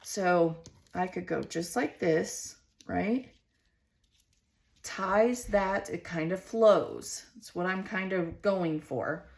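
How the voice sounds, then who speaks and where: A woman's voice: lowish voice, slow, gravelly, a little mellow. A woman with a Southern US accent hosting a casual scrapbooking vlog, thinking aloud in a chatty, self-questioning way as she arranges stickers. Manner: chatty, musing to herself while arranging stickers. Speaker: scrapbooking host.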